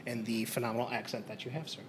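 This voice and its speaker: A man's voice: medium pitch, little pitch movement, very fast. Guy hosting a chill podcast, rambly, repeats stuff, swears a bit, noisy recording. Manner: loose, swearing, repeats himself. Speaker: podcast host. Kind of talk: casual podcast chat.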